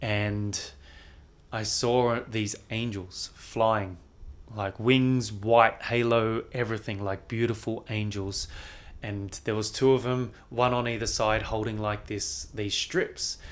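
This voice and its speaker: A young adult man speaks in a somewhat low register. He tells his story to a host in a loose, animated way, leaning on "like" and the odd swear word. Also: takes it slowly. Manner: animated, frequent "like" fillers, swears casually. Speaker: podcast guest. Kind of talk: casual storytelling in conversation.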